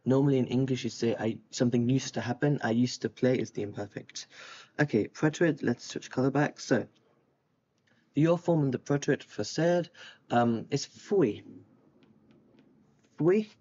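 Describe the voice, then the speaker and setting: A young man teaching a casual language lesson, relaxed and thinking aloud with frequent ums as he writes. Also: medium pitch, a little fast. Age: young adult. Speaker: Spanish tutor. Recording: slightly dull lo-fi sound.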